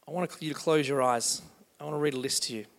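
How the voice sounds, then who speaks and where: A man preaching a sermon as pastor, moving between loud rousing passages and slow, quiet meditative reading. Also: on the high side, gravelly. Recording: long hall reverb.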